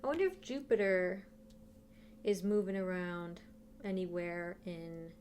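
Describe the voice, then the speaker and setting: A woman's voice: lowish voice, unhurried, a little mellow. Chatty woman reading tarot, faint hum. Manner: chatty, thinks aloud, talks to her guides. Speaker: tarot reader. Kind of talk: casual tarot reading to camera.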